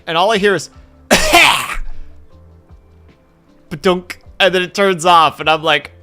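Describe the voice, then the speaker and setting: A man streaming and telling stories in casual chat, animated and quick to swear. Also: high-pitched, smooth, faint music behind.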